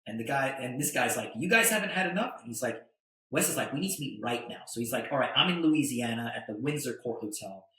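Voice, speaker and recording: A middle-aged man telling a long story in a podcast interview, animated and acting out what people said. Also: medium pitch, quick pace, echoey room, poor audio. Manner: animated storyteller, acts out quotes. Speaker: guest, attorney and entrepreneur.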